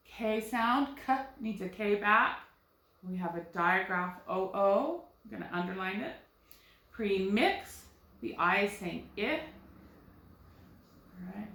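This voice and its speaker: A first grade teacher, a woman, talking young children through a recorded phonics lesson with slow, clear explanations. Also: medium pitch, a bit bright, reverberant.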